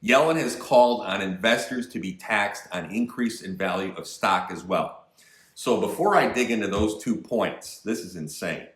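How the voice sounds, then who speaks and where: A political commentary vlogger delivers an indignant, emphatic rant, repeating phrases for stress and dropping in mocking asides. His voice is fairly low and fairly bright, moving at a normal speed, and the sound is roomy.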